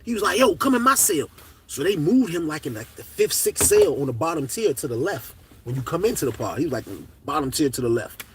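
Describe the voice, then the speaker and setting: A man telling a comedic story in casual, slangy talk, swinging from hushed to loud. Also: a little high, animated, brisk, slight background noise.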